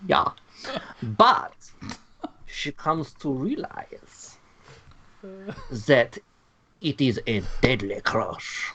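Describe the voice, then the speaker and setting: A man's voice: medium pitch, big pitch swings, noisy background. A man on a casual show, jokingly making up a story and taking his time. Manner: joking, unhurried. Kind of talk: casual chat, improvising a story.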